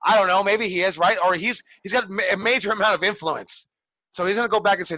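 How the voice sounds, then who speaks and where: A man's voice: high voice, expressive, fairly quick, pushed and bright, no room sound, highs cut off. A man in his forties coaching wrestling students in a loose, profane storytelling way, acting out quotes as he goes. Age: 40s. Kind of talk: casual classroom talk to students. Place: training school.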